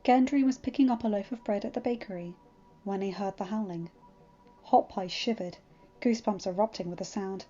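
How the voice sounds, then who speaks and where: A woman narrating a fanfiction story in an expressive, dramatic reading. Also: medium pitch, brisk. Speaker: fanfiction reader. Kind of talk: scripted narration. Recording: dull lo-fi with faint music.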